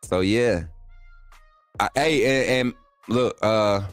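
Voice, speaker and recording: A man hosting a casual livestream, talking loosely with his viewers and jumping up in pitch when he gets excited. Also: slow, long pauses, dry recording, faint music behind. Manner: laid-back, talks to chat as "man" and "y'all", pitch jumps up when excited. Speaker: livestream host. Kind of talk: casual livestream chat reading viewer comments.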